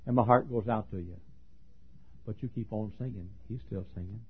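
A husky male pastor preaching a folksy, joking sermon that swings from hushed talk to shouting. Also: on the low side, normal speed. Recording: tinny lo-fi sermon recording.

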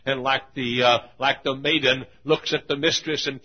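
An older man, a pastor, preaching a sermon that swings between hushed storytelling and shouted exhortation. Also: medium pitch, fairly even intonation, moderate pace, few pauses. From Texas. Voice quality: gravelly and husky. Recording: dull lo-fi recording.

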